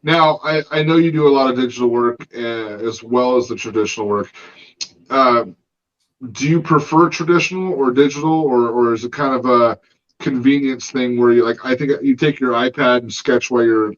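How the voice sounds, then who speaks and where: A man's voice: mid-range voice, normal speed, muffled recording. A man hosting a casual podcast in a laid-back way, reading out listener questions. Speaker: podcast host.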